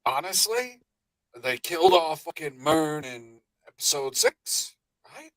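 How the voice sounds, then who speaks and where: A man's voice: fairly high pitch, very animated, measured pace, no room sound, low-quality recording. A man hosting a live pop culture show, chatting casually and laughing. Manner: laughing, reads chat aloud. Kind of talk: casual chat.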